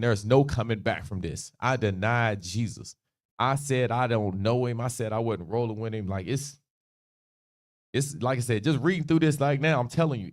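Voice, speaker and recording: A man's voice: mid-range voice, a little mellow. A man teaching a Bible passage on a livestream, in a casual, slangy way, laughing easily and acting out the quotes.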